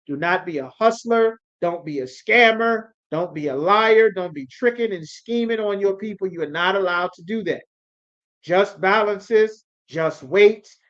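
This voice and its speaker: Man, high voice, emphatic scripture teacher, sermon-like delivery, muffled lo-fi recording. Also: a bit bright. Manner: emphatic, repeatedly asks "you understand?". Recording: dull lo-fi recording.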